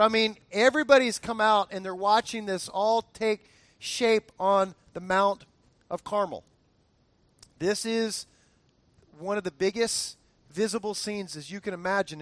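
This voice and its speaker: A man's voice: high-pitched, a bit bright, no echo. A man preaching a sermon, chatty and joking, who often stumbles and repeats words and asks the crowd to answer aloud. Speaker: pastor.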